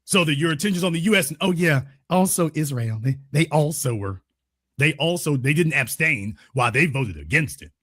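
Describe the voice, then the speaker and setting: A man reads out a news story and tears into it. His voice sits high for a man and rings sharp and bright. His delivery is heated and sarcastic, and he sometimes breaks into shouting. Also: expressive, fairly quick. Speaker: commentator. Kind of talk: news commentary.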